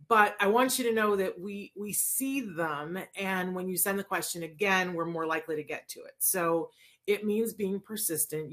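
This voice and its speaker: Chatty woman hosting a live show. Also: mid-range voice. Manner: chatty and warm, many fillers. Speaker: host of a live autism show and podcast. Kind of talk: casual live-stream talk. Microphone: live-stream mic.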